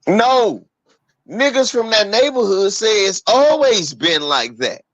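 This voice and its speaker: A man from D.C. with a lively, swooping delivery tells a story in casual talk, jumping high in pitch when he quotes people. The sound is dry and a little dull, with no room around it. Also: takes it slowly, no echo. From Washington, D.C. area. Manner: animated, profane, acts out quotes with big pitch jumps.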